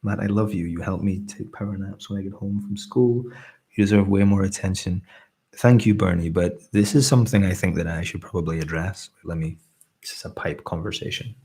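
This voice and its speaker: A man in his thirties from Scotland, with a softened Scottish accent, hosting a soft-spoken ASMR live stream chat and reading out viewers' comments in an earnest, grateful way. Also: low voice, fairly even intonation, a little fast, a little hiss or hum.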